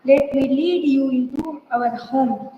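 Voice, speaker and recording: A woman's voice: sits high, slow pace, echoey room, in a large hall, dull audio, slight background noise. A woman voicing a boastful, fussy male rat in a storybook read aloud. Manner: fussy, bossy, self-satisfied.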